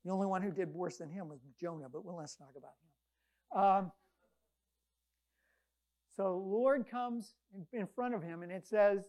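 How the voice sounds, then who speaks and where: A woman preaching a conversational sermon, retelling scripture stories with lively quoted voices. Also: medium pitch, normal speed, long pauses.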